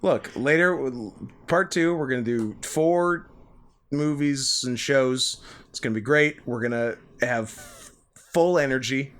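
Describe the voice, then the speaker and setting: A man's voice: medium pitch, a little slow, fairly bright tone, clear, resonant tone. Male podcast co-host, casual banter, teasing wisecracks.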